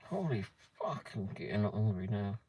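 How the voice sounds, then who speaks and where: A man's voice: on the low side, animated, normal speed, warm tone, muffled recording, a little hiss or hum. A man hosting a casual livestream, reading a pub menu aloud with muttered asides and the odd swear word. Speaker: livestream host.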